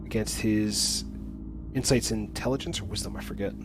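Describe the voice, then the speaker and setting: A man's voice: on the low side, steady tone, moderate pace, over music. A man narrating as game master of a tabletop game, laid-back, with fillers and easy laughs.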